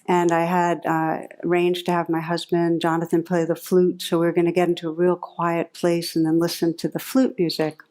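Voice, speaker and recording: A woman's voice: fairly low pitch, moderate pace, few pauses. A woman meditation teacher giving a talk to a live audience, telling anecdotes and reflecting aloud. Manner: warm storytelling, lively when recounting anecdotes.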